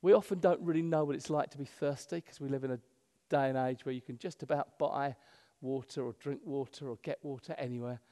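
A male pastor preaching a sermon in a church, animated, swinging between loud emphasis and hushed asides. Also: mid-range voice, fairly quick, few pauses. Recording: long hall reverb.

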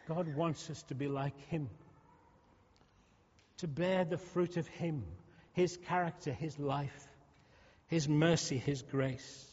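A man's voice: fairly high pitch, fairly even intonation, takes it slowly, darkish tone, breathy edge. A male pastor preaching a sermon in a conversational way, often restarting and repeating words. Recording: muffled sound with long hall reverb.

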